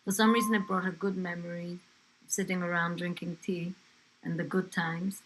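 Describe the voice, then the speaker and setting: A woman's voice: fairly low pitch, level tone, normal speed, noisy background. An older woman from England telling her grandchild family stories in a conversational way, with fillers and asides. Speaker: interviewee, grandmother. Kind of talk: family history storytelling.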